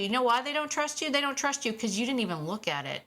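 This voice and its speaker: A middle-aged woman chats through her solo podcast in a bright, clear voice. She is animated and casual, often acting out what dogs might be thinking and laughing as she goes. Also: fairly high pitch, fast talker, hardly any pauses. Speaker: podcast host and dog trainer.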